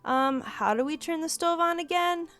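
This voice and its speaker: A bubbly, animated woman playing through a story game and voicing the lead sister role. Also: very high voice, normal speed. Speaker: game streamer. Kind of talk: reading a visual novel aloud.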